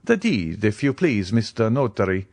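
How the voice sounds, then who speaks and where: A man reading aloud as a nonchalant aristocrat, cool and commanding as he closes a purchase. The voice moves a lot in pitch, and the audiobook recording is dry and close. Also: normal speed, dry recording. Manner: calm, offhand, commanding. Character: cool, wealthy nobleman buying a house.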